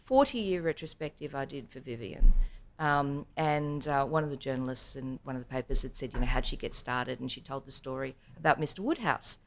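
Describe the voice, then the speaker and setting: Low-voiced woman telling stories. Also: brisk, hardly any pauses. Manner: animated storyteller who acts out quotes. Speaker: guest. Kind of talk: podcast interview storytelling.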